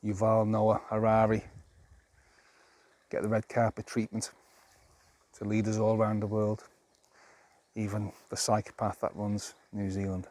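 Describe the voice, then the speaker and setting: A man's voice: fairly low pitch, monotone, measured pace, pauses often, darkish tone. A man talking to camera outdoors in a rambling, plain-spoken, exasperated monologue of his opinions. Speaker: vlogger.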